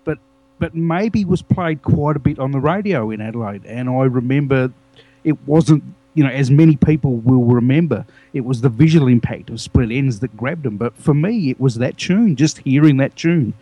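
A man with an Australian accent, co-presenting a music podcast and reminiscing with halting restarts. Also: mid-range voice, dark tone, lo-fi sound. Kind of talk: casual music podcast chat.

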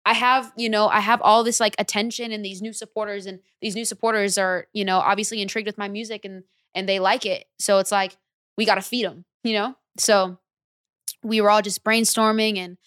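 Brief young woman, singer guest, slangy animated storyteller, dry close mic. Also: mid-range voice, brisk, no echo. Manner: animated, slangy, acts out her own past reactions. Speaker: recording artist guest. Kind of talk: casual interview storytelling.

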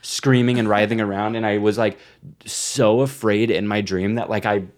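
A man with a somewhat low voice chats casually as a podcast co-host. He tells stories with lots of swearing and frequent laughter. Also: fairly even intonation, normal speed. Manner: laughing, profane, storytelling. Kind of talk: casual chat.

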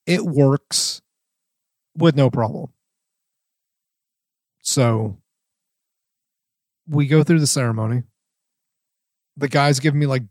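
A man's voice: mid-range voice, darkish tone, no echo, studio quality. A man telling a story from his work as a wedding videographer, rambling with lots of restarts. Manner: rambling, many likes and restarts. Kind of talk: casual storytelling.

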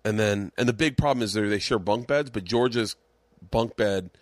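A man's voice: lowish voice, moderate pace, no echo. Profane laughing man telling stories. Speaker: podcast host. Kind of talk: casual storytelling chat. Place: home man cave.

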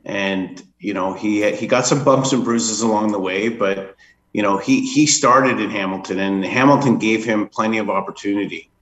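A man speaks modestly in a radio interview in a low voice. He pauses often, and the room around him gives an echoey sound. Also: fairly bright tone. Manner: modest, halting, many "uh" pauses. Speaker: donor family member guest. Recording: roomy echo.

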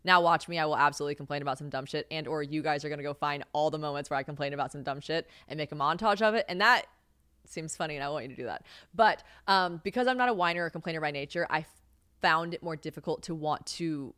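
This young podcast host has a deep, smooth voice and talks fast, recorded at studio quality with no echo. Candid and profane, she chats casually about her life, laughing often and acting out the lines she quotes.

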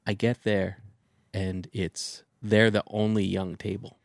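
A comedian co-hosting a podcast, telling his story in an easy, relaxed way and tossing in a lot of short replies. His voice sits low and gravelly. The recording is close and dry. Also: slow pace, no room sound. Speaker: stand-up comedian, podcast co-host. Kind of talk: casual chat.

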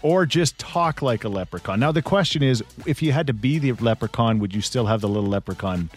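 A man hosting a radio show in casual banter, animated and laughing often. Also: mid-range voice, brisk, slightly rough, faint music behind.

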